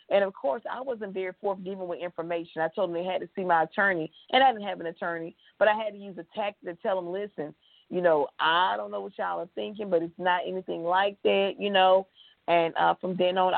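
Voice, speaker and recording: Gravelly woman on a tinny phone line. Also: on the low side, no echo. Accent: Texan. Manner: emotional, tells it with acted-out quotes. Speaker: guest. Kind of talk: recounting her story in an interview.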